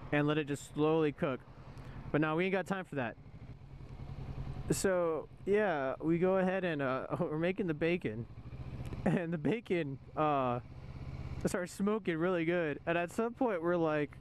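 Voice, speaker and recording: A man's voice: a little high, normal speed, a little hiss or hum. A young man, a soldier, casually telling a rambling, profane story from inside a vehicle, laughing often. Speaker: soldier vlogger.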